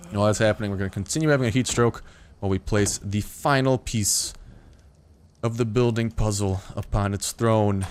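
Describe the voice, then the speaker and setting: A man's voice: fairly low pitch, a little mellow, smooth. A young man giving casual gameplay commentary in a rambling, jokey way with plenty of swearing. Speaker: gaming YouTuber.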